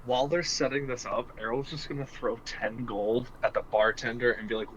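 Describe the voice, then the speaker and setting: A man's voice: medium pitch, fairly even intonation, a little fast, few pauses, a bit bright, dull audio, a little hiss or hum. A man playing a tabletop game with a teasing, wry manner. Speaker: player. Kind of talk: casual tabletop play.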